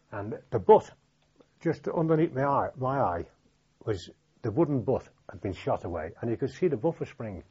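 An older man from Liverpool with a Liverpool accent, recalling wartime memories in an oral history interview, halting and plain-spoken with many restarts. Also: mid-range voice, mellow, breathy edge. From Liverpool, England. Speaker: veteran interviewee. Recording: dull lo-fi recording.

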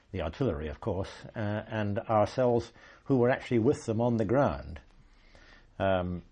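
Husky older army veteran. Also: male voice, lowish voice, darkish tone. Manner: measured, halting, with frequent ums and restarts. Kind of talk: oral history recollection.

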